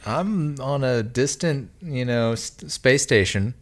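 A man's voice: medium pitch, lively intonation, slow. A man hosting a podcast, answering in short, laid-back, dry replies. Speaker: podcast host. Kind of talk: casual chat.

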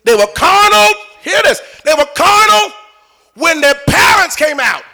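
A man preaching as a pastor, shouting and singing out phrases and acting out the voices of the people in his text. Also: very high voice, sing-song, a little slow, vocal fry, faint music behind. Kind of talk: sermon.

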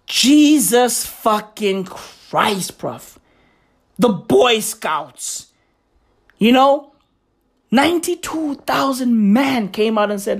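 A man hosting a comedy podcast, delivering a profane rant that swings between mock outrage, shouts and mutters. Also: extremely high pitch, lively intonation, very slow, husky.

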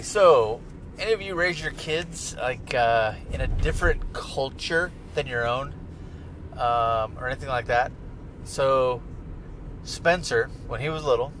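A middle-aged man hosting a podcast, talking in a casual, profane, joking ramble from inside a moving car. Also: mid-range voice. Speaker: podcast host. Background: car and traffic noise.

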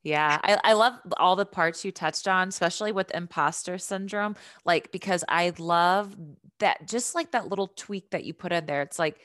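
A woman with a low, smooth voice hosts a relaxed interview and speaks earnestly about spiritual guidance and expression. Her voice is clear and resonant, and the recording is close and dry with no room sound. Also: moderate pace, dry recording. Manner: earnest, spiritual coaching talk. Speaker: podcast host. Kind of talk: casual conversational interview.

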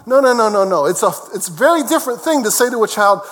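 High-voiced male pastor preaching in a hall. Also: big pitch swings, fast, hardly any pauses, fairly bright tone. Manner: emphatic preaching with repeated phrases; conversational asides to the congregation. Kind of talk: sermon. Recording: long reverb of a large hall.

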